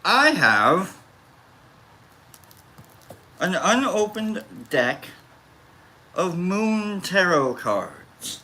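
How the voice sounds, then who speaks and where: A man casually chatting on a livestream as its host, rambling and playful, quick to get excited. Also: high-pitched, slight background noise.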